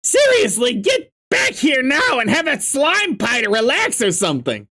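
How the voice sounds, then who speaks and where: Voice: high-pitched, wildly swooping pitch, normal speed, bright, forceful tone, voice pushed up, exaggerated voice. A reader voicing a panicky young male alien troll who swears shrilly and frantically. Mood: panicked.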